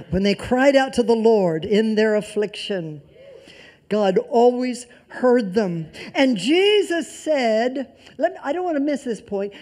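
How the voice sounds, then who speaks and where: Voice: mid-range voice, expressive, slow pace. Preacher repeating phrases for emphasis. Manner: emphatic repetition of key phrases; swings between loud emphasis and soft near-whispers. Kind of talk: sermon.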